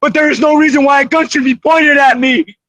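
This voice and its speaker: A man's voice: very high-pitched, steady tone, a little fast, bright, forceful tone, no room sound, low-quality recording. A man in a roadside standoff, frightened and crying, pleading over and over that he is no threat. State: crying, shaken. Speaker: citizen filming a police stop. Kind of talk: pleading confrontation on camera. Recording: played video clip.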